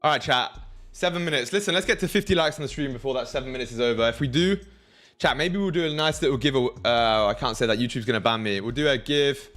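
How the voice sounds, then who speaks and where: A man's voice: medium pitch, fast, a bit bright. A young man hosting a casual trading livestream, talking to his chat in a slangy, hyped way. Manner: slangy, hypes the chat, thinks aloud. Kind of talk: casual live-stream chat.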